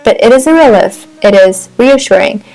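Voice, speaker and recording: A woman giving a book review on her channel, thoughtful and wordy, with pauses and restarts. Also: fairly high pitch, lively intonation, darkish tone, faint music behind, rough recording.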